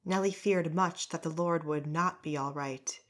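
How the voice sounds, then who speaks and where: Low-voiced woman narrating a fantasy audiobook. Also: measured pace. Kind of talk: scripted narration.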